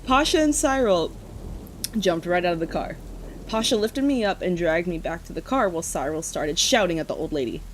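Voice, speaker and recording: A woman's voice: fairly low pitch, a little hiss or hum, poor audio. A woman co-hosting a podcast, reading a spooky campfire story aloud in a casual way and often breaking into giggles.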